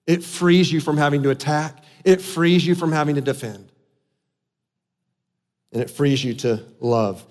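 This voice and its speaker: A man with a high voice preaches a sermon, earnest and swinging from hushed, slow lines to emphatic ones. His words ring out with a long reverb from a large church hall. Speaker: pastor.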